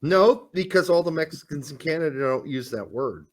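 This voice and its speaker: A man co-hosting a casual sports talk show, joking and animated as he talks. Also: fairly high pitch, normal speed. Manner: lively, joking, animated delivery. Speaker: podcast co-host.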